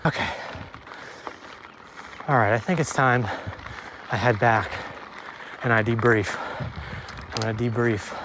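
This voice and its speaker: A man's voice: mid-range voice, takes it slowly, pauses often, noisy background. Breathless young man riding forest trails. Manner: breathless, swearing, self-deprecating commentary. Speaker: mountain bike vlogger. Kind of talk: casual narration while riding.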